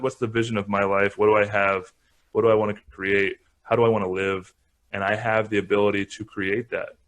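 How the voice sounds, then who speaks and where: A man in his thirties, a podcast guest and former pro football player, talking earnestly and reflectively. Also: lowish voice. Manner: calm, earnest, speaks of self-responsibility. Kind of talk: reflective interview talk.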